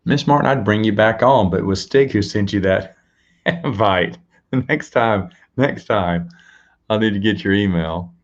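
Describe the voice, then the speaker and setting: A man's voice: lowish voice, measured pace, highs cut off. Rambling man hosting a live stream. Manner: rambling, repeats words and restarts; chats to viewers and reads out donations. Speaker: live-stream show host. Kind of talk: casual live-stream chat.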